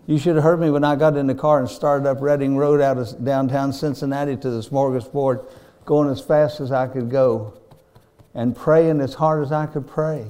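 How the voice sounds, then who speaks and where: A man's voice: mid-range voice, dark tone. An older man, preaching a sermon in a folksy, earnest storytelling style.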